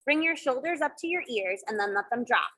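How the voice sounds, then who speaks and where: A woman with a bright, crisp, fairly high voice leads children through yoga and mindfulness exercises. She gives gentle, encouraging instructions and adds playful sound effects along the way. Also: expressive, brisk, rough recording. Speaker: kids yoga teacher. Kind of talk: guided kids yoga and mindfulness.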